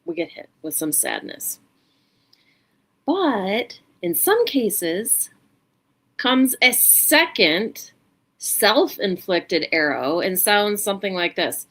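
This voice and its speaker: Speaking in a very animated mid-range voice, a woman leads a gentle, unhurried self-help segment on her mindfulness show, including a guided practice in short, reflective phrases.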